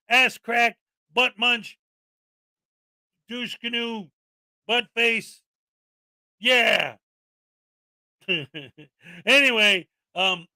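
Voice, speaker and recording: A man's voice: very high-pitched, sharp tone, no echo. A man hosting a live stream, ranting and joking about video clips with plenty of crude insults. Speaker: streamer host. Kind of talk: casual live-stream commentary.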